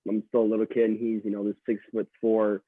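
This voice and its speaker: A man's voice: fairly low pitch, completely flat delivery, a little fast, no echo. A young man from Quebec, a college hockey player telling stories as a guest, rambling with many fillers and restarts. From Quebec, Canada. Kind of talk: casual storytelling interview. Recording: dry tinny call audio.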